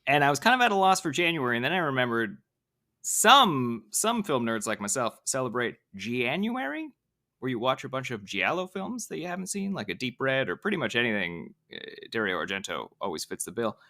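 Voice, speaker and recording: A man's voice: mid-range voice, sing-song, brisk, sharp tone. A man co-hosting a podcast in casual, joking chat. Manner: joking, laughs easily. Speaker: podcast co-host.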